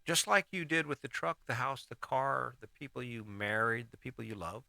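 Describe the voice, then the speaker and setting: A man's voice: medium pitch, moderate pace, creaky, pushed and bright, dry recording. A middle-aged man hosting a casual motivational monologue, rambling and restarting his sentences as he gives life advice. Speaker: host.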